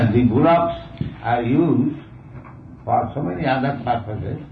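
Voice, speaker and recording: A man, explaining scripture in conversation, slow and halting with repeated words. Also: mid-range voice, vocal fry. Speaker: spiritual teacher in conversation. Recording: tinny, echoey, distant, with faint hiss.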